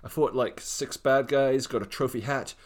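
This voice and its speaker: A man's voice: mid-range voice, moderate pace, pitched above the performer's own voice, natural voice. A man doing a cocky young swordsman. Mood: boastful. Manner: boastful, offhand and casual.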